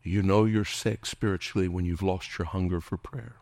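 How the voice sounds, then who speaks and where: Impassioned middle-aged male pastor, low voice. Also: fairly even intonation, moderate pace, creaky, no room sound. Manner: impassioned preaching, dropping at times to a hushed whisper; calls out to the congregation for responses. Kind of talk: sermon.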